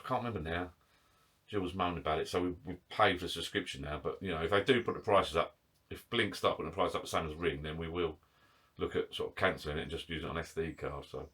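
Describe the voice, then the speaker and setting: A man's voice: sits low, fairly bright tone, breathy edge. A man chatting casually to camera in his garden shed bar, rambling, self-mocking and a little out of breath. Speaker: vlogger.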